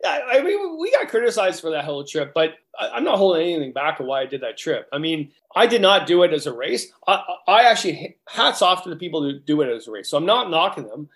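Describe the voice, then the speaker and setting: A man's voice: a little high, sing-song, quick pace, hardly any pauses, fairly bright tone. A man, a guidebook author talking as a guest in a hyper, rambling way with many restarts. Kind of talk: casual interview chat.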